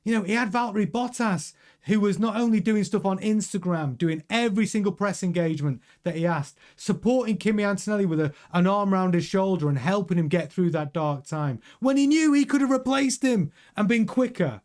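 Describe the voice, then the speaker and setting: A man's voice: sits high, fairly quick, a little mellow. Chatty man hosting news. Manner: chatty, rambling, many restarts and fillers. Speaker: news show host. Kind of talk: casual news commentary.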